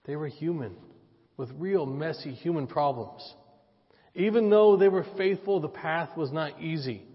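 A man preaching a sermon, telling a personal story, joking with the congregation and switching between loud emphasis and quiet asides. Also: a little high, animated, a little slow. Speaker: pastor. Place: church sanctuary. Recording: dull church audio with long reverb.

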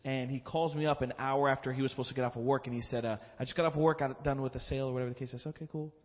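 A man's voice: medium pitch, fairly even intonation, racing. Earnest guy at church telling a story then praying, big hall echo, kinda dull sound. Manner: earnest, storytelling, emotional at times. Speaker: church speaker at offering time. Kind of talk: sermon testimony and prayer.

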